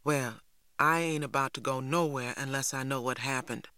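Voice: medium pitch, expressive, moderate pace, a bit bright, no room sound, close to an everyday voice. A reader voicing a wary, stern teenage boy, cold and terse, in a dry recording. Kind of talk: audiobook reading.

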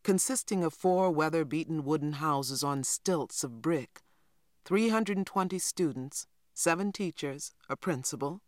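Audiobook narrator with a steady, even delivery, close-miked and dry. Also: medium pitch, a little slow, dry recording.

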